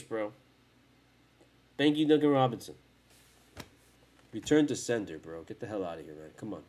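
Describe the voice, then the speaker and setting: A tired man hosting a fan podcast, ranting in a profane, rambling and heated way late at night. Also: fairly high pitch. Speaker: sports fan podcast host. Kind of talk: casual rant.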